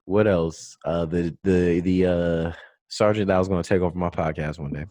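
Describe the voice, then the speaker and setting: A man's voice: low voice, fairly even intonation, normal speed, dark tone, no room sound. A man hosting a casual group chat, joking and laughing often with his classmates. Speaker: podcast host.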